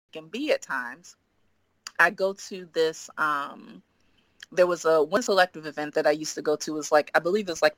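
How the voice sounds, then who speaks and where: A woman in her forties telling a personal story as a guest, acting out the quoted dialogue with lively energy. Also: low-pitched, no echo. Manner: animated, acts out quoted dialogue. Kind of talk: casual storytelling.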